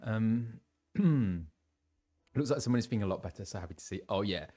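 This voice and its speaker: A young British man chatting casually on a live stream and greeting viewers, his voice a little low as he recovers from laryngitis. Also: animated, moderate pace, dark tone. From England. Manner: chatty, reads out viewers' messages with laughs and fillers. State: recovering from laryngitis, voice lower than usual.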